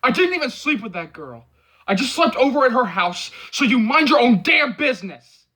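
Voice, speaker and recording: A man voicing a hot-tempered, drunk young man who snaps, curses and shouts. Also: very high-pitched, big pitch swings, moderate pace, husky, pitched above the performer's own voice, full character voice. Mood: angry. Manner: snapping, cursing, shouting. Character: angry, volatile young man, drinking.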